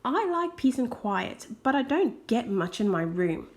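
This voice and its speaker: A woman reading a children's picture book aloud, expressive, with soft whispered asides. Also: a little high, a little slow. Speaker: storybook reader.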